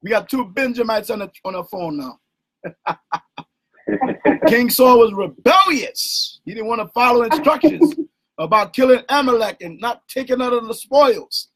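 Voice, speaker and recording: A man hosting an informal call-in bible study. He talks in an animated, slangy way and keeps asking "right?". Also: very high-pitched, a little slow, slightly rough, rough recording. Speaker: bible teacher and host.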